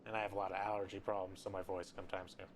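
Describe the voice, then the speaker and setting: A man from Colorado with a raspy voice, giving casual, rambling, joking commentary while he streams a game. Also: low voice, level tone, rapid-fire, slight background noise.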